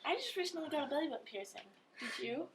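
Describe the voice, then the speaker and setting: A woman's voice: sits high, sing-song, fast talker, crowd noise. A young woman chatting with a friend on a vlog, giggly and playfully teasing. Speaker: co-host friend. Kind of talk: casual chat.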